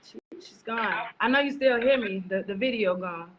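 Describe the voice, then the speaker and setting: A woman talks quietly and gratefully, her voice sometimes dropping near a whisper. The sound is dull and lo-fi, with steady noise behind her. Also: fairly high pitch, normal speed. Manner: tearful, grateful, soft-spoken. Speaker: guest. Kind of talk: emotional casual call. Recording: dull lo-fi stream with loud noise.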